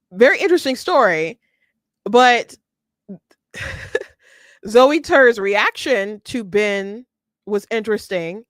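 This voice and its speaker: A woman's voice: medium pitch, a bit bright, dry recording, clean studio sound. A woman hosting a casual political commentary stream, chatty, with many restarts and frequent laughter. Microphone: close mic, streaming setup.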